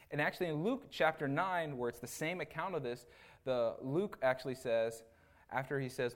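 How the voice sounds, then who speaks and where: His voice sits on the high side and moves at a moderate pace as this assistant pastor preaches informally. He keeps asking "right?", wanders into casual asides, and animatedly performs the people in his retellings.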